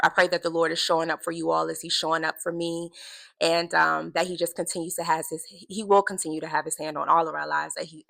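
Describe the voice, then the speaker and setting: A woman speaks straight to camera in a relaxed faith vlog, with a bright, ringing voice. She talks earnestly and with animation, repeating words to stress them. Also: fairly low pitch, vocal fry, low-quality recording. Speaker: vlogger keeping a video journal.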